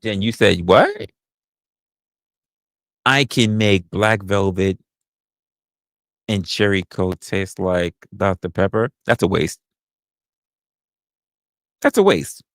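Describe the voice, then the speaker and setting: A man's voice: deep voice, steady tone, unhurried, a bit bright, no room sound. A man hosting a talk show, ranting in a profane, emphatic way and repeating his points. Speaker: podcast host. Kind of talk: opinionated casual rant.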